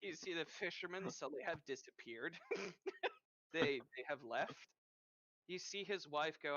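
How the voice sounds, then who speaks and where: A man with a Norwegian accent narrating a tabletop game as game master in a lively storytelling manner. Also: on the high side, a little slow, long pauses, no echo. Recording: muffled lo-fi mic.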